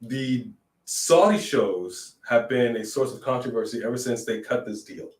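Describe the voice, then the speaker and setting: A man co-hosting a casual wrestling chat, animated, riffing and joking. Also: medium pitch, normal speed, recorded from a distance. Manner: animated, sings jokingly, reads in a newscaster voice. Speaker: podcast co-host. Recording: echoey room, off-mic.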